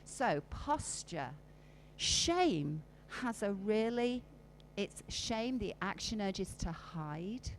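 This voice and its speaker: A woman's voice: medium pitch, a little hiss or hum, poor audio. A woman giving a live workshop talk, coaxing her audience through exercises and acting out emotions with her voice. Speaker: conference speaker. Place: conference hall.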